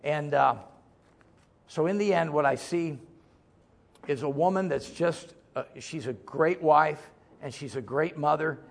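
A middle-aged preacher man with a high, gravelly voice and a husky edge. He preaches in a folksy, joking way, swinging between loud emphasis and quiet asides. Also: measured pace, long pauses. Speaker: pastor. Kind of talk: sermon.

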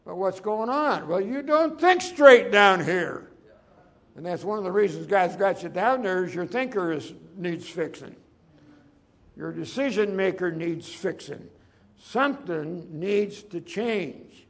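A man's voice: high voice, lively intonation, measured pace, fairly bright tone. A male pastor preaching a folksy, conversational sermon, telling personal stories with emphatic turns.

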